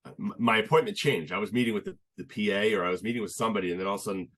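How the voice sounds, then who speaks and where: A young man chatting as a podcast guest, telling his story in an earnest, halting way with many restarts. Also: on the low side, a bit bright. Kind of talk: casual conversational storytelling.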